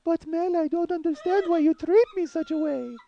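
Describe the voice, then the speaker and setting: A man putting on a calm, meek woman's voice with a mock Russian accent, soft and falsely innocent. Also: very high-pitched, moderate pace, creaky, lo-fi sound, pitched above the performer's own voice. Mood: meek pleading. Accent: put-on Russian.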